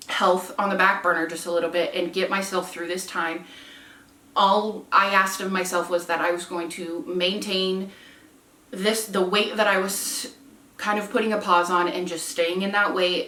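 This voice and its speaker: A woman's voice: fairly low pitch, bright, forceful tone. A woman in her twenties talking earnestly and openly in a personal home vlog. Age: 20s. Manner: earnest, heartfelt and self-reflective. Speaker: vlogger. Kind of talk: candid personal vlog chat. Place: room at home with candles lit. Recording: echoey room, mic at a distance.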